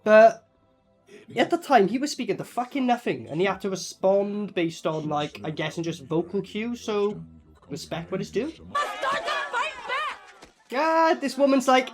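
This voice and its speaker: A man giving a casual reaction commentary on a film, excitable and profane, rambling with lots of fillers. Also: high voice, moderate pace, soft background music. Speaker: movie reviewer.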